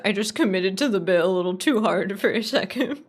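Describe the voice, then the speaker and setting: Chatty, animated woman streamer. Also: mid-range voice, brisk. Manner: rambling, animated, swears casually, laughs often. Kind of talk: casual live-stream chat with viewers.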